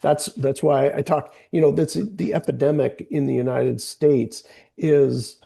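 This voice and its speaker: A man's voice: medium pitch, fairly even intonation, unhurried, creaky, dark tone. A man hosting a casual panel conversation, rambling with lots of fillers.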